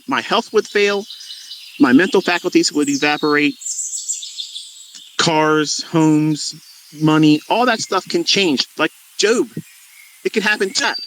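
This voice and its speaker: A man's voice: a little high, a bit bright, slight background noise. A middle-aged man who teaches trading, speaking to his viewers in a fervent, preachy monologue with emphatic repetition. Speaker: trading educator.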